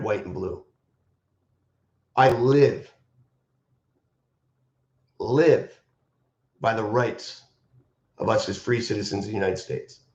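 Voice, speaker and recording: Impassioned male martial arts instructor. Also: mid-range voice. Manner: impassioned and emphatic, repeating key phrases. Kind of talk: live-stream monologue. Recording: roomy, dull lo-fi stream audio.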